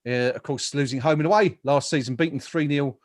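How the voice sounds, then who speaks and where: A man's voice: a little high, a little fast, no echo, clean studio sound. A man hosting a casual football chat over a remote call, rambling with fillers and jokes. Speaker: podcast host. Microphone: home mic, remote call.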